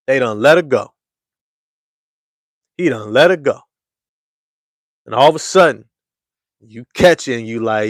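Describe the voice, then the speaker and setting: A man hosting a casual basketball fan show, talking to his live chat in animated slang and repeating lines for emphasis. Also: normal speed, long pauses, no echo, studio quality. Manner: animated storyteller, swings from loud hype to low murmur. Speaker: sports show host.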